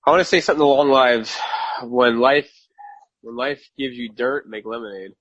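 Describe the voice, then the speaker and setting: A man's voice: medium pitch, normal speed, a bit bright, no echo. A man in his thirties talking candidly and with self-assurance as a podcast guest. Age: 30s. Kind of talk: casual interview. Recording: dry lo-fi sound.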